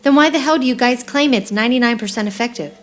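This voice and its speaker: A woman voicing a young female hospital patient who is furious and grieving, swearing in sharp outbursts. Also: lowish voice, steady tone, fairly quick, natural voice.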